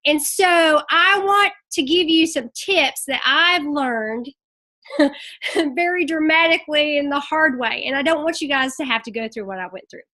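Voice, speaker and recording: A woman's voice: sits high, normal speed, bright, forceful tone. A woman giving emotional, chatty, scattered motivational tips as a network marketing ambassador on a group call.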